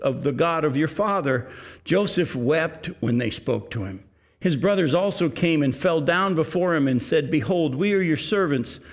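A man preaching a sermon, reading scripture aloud and explaining it to his congregation. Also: on the high side. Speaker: pastor.

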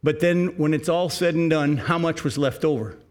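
A man's voice: fairly high pitch, normal speed, darkish tone. A male pastor preaching a sermon in a conversational way, asking his listeners questions.

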